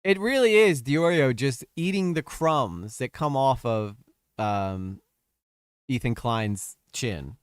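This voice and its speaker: A man's voice: mid-range voice, expressive, slow, clear, resonant tone, dry recording, clean studio sound. A man commenting on a stream, crude and exasperated, mocking what he reads.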